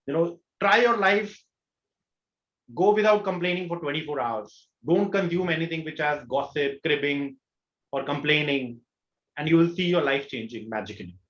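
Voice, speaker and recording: Indian male workshop coach, slightly high voice, earnest and questioning; roomy lo-fi call audio. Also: normal speed, a bit bright. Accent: Indian English. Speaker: law of attraction coach. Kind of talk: online workshop talk. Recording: roomy, dull lo-fi webinar audio.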